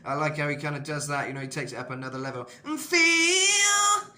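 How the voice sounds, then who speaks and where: A man with a slightly rough throat giving a casual, rambling singing tutorial as a vocal coach, full of "you know". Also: medium pitch, little pitch movement, very fast, sharp tone. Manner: rambling, lots of "you know", jumps into sung demos.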